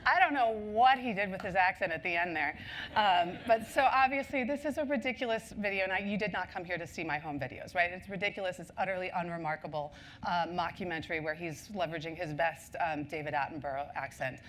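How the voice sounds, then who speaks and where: A woman's voice: fairly low pitch, fairly quick, a bit bright, a little hiss or hum. A woman speaking at a marketing conference. She tells stories in a chatty way, with lots of ums and asides. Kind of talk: conference talk.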